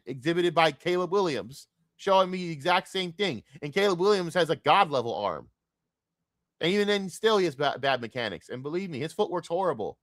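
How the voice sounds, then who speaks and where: A man's voice: fairly high pitch, very animated, a little fast, a bit bright, dry recording, studio quality. Profane, heated young man ranting about football. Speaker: streamer. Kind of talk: casual sports rant.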